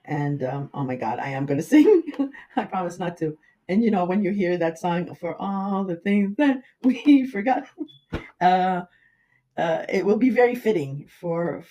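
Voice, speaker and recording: A woman's voice: deep voice, mellow. A woman astrologer giving a casual horoscope reading, emotional and rambling, with many fillers.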